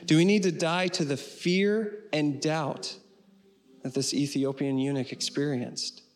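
Earnest male pastor, fairly high voice, sermon delivery with slow, weighted phrases. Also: steady tone. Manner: earnest, slows for emphasis and ends with prayer.

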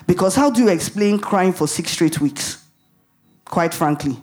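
A woman's voice: fairly low pitch, lively intonation, a little slow, a little mellow, faint music behind. Emphatic woman preaching a sermon. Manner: emphatic, rhetorical questions, laughs at herself.

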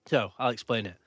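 A man's voice: medium pitch, breathy edge, no echo, clean studio sound. A man in a casual podcast chat, ranting, swearing and laughing a lot.

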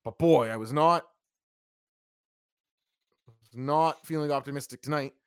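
Man, host, casual live review chat, blunt and opinionated, higher pitch, dry recording. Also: a little slow, a bit bright, smooth, dry recording. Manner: blunt, opinionated, reads chat comments aloud. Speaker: wrestling review podcast host.

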